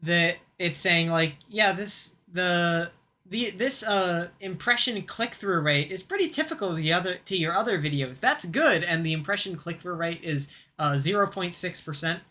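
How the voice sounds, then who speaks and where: A young woman co-hosting a casual podcast chat, talking in a halting way with many restarts. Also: lowish voice, bright, forceful tone. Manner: halting, with frequent restarts and stumbles. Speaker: podcast co-host and editor.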